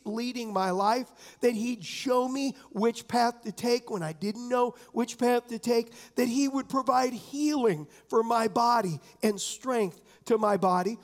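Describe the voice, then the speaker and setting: A man pastor preaching a conversational sermon, often asking the congregation questions. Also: very high voice. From San Diego area.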